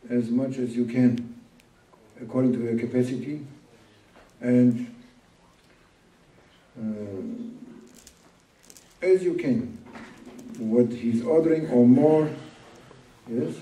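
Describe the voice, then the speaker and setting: A man giving an informal sermon as a sheikh, speaking in a plain, halting way and repeating words for emphasis. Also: medium pitch, steady tone, mellow. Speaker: sheikh teaching a religious talk. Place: gathering room at a summer camp. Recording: roomy room, distant mic.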